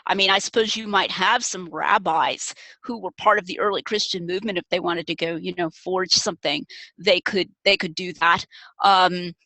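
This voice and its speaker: Bright-voiced woman explaining on a webinar. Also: on the low side, steady tone, moderate pace, no room sound, low-quality recording. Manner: careful, explanatory, lecturing. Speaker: guest author and scholar. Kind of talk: webinar discussion.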